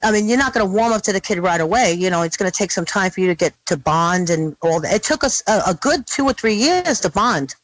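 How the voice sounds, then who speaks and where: A middle-aged woman telling her story in an interview, blunt and animated, swearing freely. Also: mid-range voice, dry recording, rough recording. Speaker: guest.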